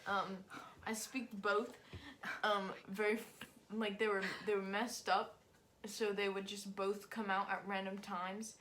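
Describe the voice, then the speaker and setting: A teenage girl joins her mother's podcast and spins silly made-up tales, giggling as she goes. Her voice sits in a middle pitch with a little background hiss. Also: flat delivery, unhurried, fairly bright tone. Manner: giggly, joking, rambling storytelling. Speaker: host's teenage daughter, guest. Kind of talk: casual chat.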